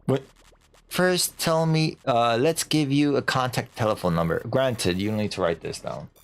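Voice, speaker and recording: A man's voice: mid-range voice, normal speed, gravelly, faint music behind. A man streaming a video game, chatting casually and mocking himself, now and then slipping into silly put-on voices. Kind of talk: casual let's-play chat.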